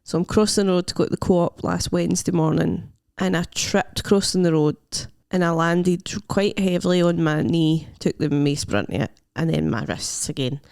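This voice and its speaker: A woman with a Glasgow Scottish accent, co-hosting a podcast in casual chat and acting out the people in her story with lively quotes. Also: normal speed, creaky, few pauses, smooth, no room sound, clean studio sound. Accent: Scottish, Glasgow area. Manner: animated storyteller, acts out quotes in a higher voice, laughs often. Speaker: podcast co-host.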